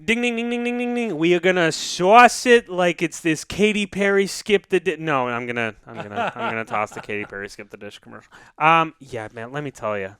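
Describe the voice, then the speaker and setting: Rambling man with a smooth voice. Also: fairly high pitch, brisk, hardly any pauses, sharp tone, dry recording, clean studio sound. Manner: rambling, profane, jokey. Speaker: podcast co-host. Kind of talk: casual podcast chat.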